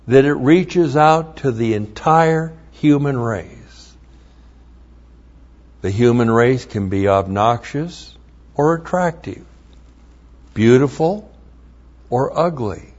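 A man's voice: mid-range voice, a little mellow, breathy edge, lo-fi sound. A man preaching a sermon, emphatic and blunt, with mocking asides.

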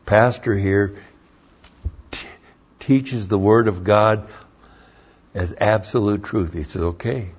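A man's voice: lowish voice, a little mellow, husky. An older man preaching a sermon as a pastor, moving between folksy storytelling and emphatic preaching. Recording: dull lo-fi sermon recording.

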